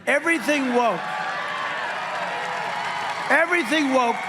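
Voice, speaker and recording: At a political event, a candidate speaks from the stage into a podium microphone, his voice extremely high-pitched with lively intonation and a slow pace. His off-the-cuff rally speech rambles, boasts, repeats itself, and mocks his rivals. A loud crowd makes the recording very noisy.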